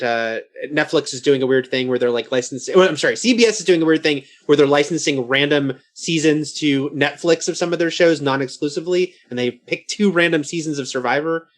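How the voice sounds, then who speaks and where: Eager, fast-explaining male panel guest. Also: medium pitch. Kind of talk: casual panel chat.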